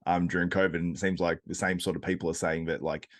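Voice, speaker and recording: A man hosting a podcast, easygoing and quick to laugh, asking long rambling questions. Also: sits low, little pitch movement. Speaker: podcast host. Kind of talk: casual chat.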